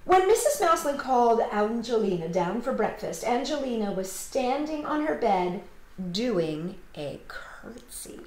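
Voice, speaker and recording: Animated woman reading a picture book. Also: on the high side, moderate pace, hardly any pauses. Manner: animated storyteller, chats to kids. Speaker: children's entertainer. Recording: roomy echo.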